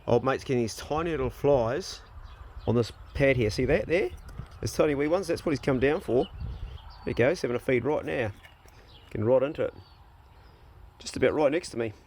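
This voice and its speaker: A man's voice: medium pitch, lively intonation, a little fast, long pauses, darkish tone, a little hiss or hum. Easygoing new zealand man filming outdoors. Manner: chatty, easygoing, talks to animals. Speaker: vlogger. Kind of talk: casual farm vlog. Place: outdoors on a farm. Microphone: phone.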